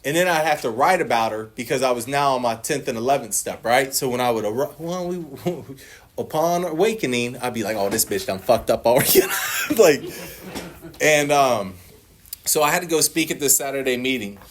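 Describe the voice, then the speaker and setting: A man's voice: mid-range voice, normal speed. A man in his forties sharing his recovery story at a meeting, swearing a lot, laughing often and acting out what others said. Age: 40s. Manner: profane, animated storytelling with acted quotes; laughs often while telling. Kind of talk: personal share at a recovery meeting.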